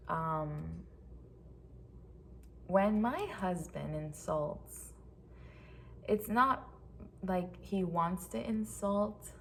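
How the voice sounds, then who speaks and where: Young woman ranting to her camera, says like a lot, swears freely, lowish voice. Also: vocal fry, slight background noise. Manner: rambling, peppered with "like", frank and profane. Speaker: vlogger. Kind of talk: casual storytime vent.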